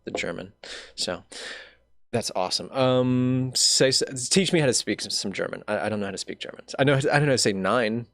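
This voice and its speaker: A man's voice: medium pitch, fairly quick, vocal fry, fairly bright tone, no echo. A young man hosting a casual interview, joking and teasing his guest and laughing often. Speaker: podcast host.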